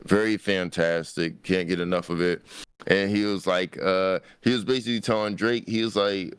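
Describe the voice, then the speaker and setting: A man's voice: lowish voice, normal speed, clean tone, dry recording. A man co-hosting a podcast in casual chat, blunt and emphatic, swearing freely. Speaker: podcast co-host.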